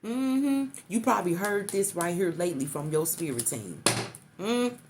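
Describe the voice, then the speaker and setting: Low voiced woman reading tarot cards to the viewer, keeps saying baby, bit of hiss behind. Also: big pitch swings, moderate pace. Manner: repetitive, coaxing, calls listener baby. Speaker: tarot reader.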